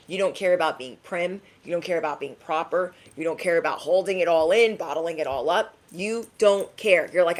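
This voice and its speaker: A woman with a somewhat low voice talks straight to her viewers through a tarot reading. She is emphatic and sassy, and she keeps checking in with a punchy "okay?". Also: normal speed, few pauses. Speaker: tarot reader.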